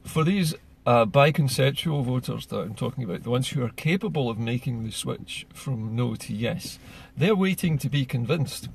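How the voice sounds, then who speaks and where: Gravelly man making his case. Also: mid-range voice, lively intonation, moderate pace, hardly any pauses, slight background noise. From Scotland. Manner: earnest, persuasive, rhetorical questions. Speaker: political commentator. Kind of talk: political vlog monologue.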